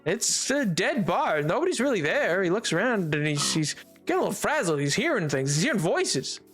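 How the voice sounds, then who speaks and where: High bright guy streaming, giggly and rambly, trips over words, faint music behind. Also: big pitch swings, a little fast. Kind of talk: casual live-stream chat.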